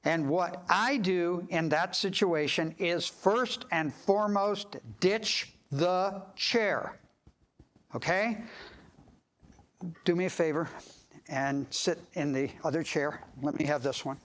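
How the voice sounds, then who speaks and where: A man, a dentist, giving a live clinical lecture and demonstration, acting out scenes with sudden excited voices. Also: takes it slowly, low-quality recording. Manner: animated, acts out scenes and jumps into high excited voices. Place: clinic meeting room with live audience.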